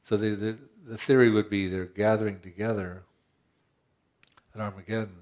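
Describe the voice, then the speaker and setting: A man's voice: on the low side, flat delivery, normal speed, darkish tone. A man pastor preaching a conversational sermon, asking rhetorical questions and often restarting his phrases.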